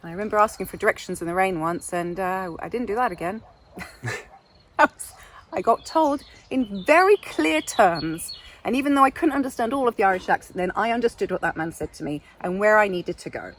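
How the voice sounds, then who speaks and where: A woman's voice: medium pitch, animated, brisk, slight background noise. A middle-aged English woman with an English accent, chatting in a meandering, self-deprecating way as a podcast co-host. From England. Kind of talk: casual chat.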